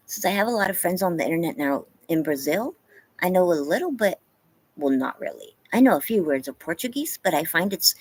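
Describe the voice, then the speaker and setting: A woman's voice: on the low side, slightly rough, poor audio. A woman hosting a casual live stream, chatting with viewers and reading the chat aloud, laughing often. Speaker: livestream host. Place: home, yard.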